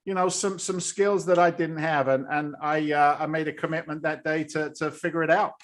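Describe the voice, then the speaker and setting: A man's voice: on the high side, steady tone, moderate pace. A man, a guest in a casual interview, telling his story bluntly and with animation. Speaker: guest, real estate investor.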